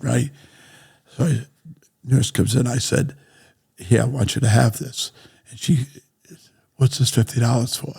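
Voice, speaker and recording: A man's voice: medium pitch, gravelly, a little mellow, husky. An older man from Rhode Island, a guest on a talk show, telling stories in a blunt, profane way, often asking "right?" and laughing as he goes. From Rhode Island, USA. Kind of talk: casual storytelling.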